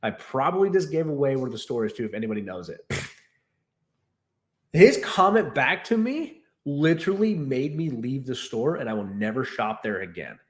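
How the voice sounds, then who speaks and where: A young man casually recounting a frustrating shopping trip, animated and exasperated, acting out the dialogue as he goes. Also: medium pitch, normal speed. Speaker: fish keeper vlogger. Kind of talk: casual storytelling rant.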